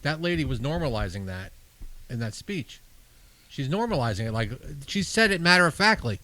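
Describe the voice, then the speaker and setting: A man's voice: on the high side, sing-song, moderate pace, sharp tone, low-quality recording. A man co-hosting a podcast, chiming in with wry remarks in casual chat. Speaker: podcast co-host.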